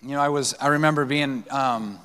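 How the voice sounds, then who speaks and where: A man preaching to his congregation in a relaxed, storytelling way, with frequent fillers and restarts. His voice sits at an ordinary middle pitch. A long church-hall reverb trails behind each phrase. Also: a little fast, smooth. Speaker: pastor. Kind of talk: sermon. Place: church sanctuary.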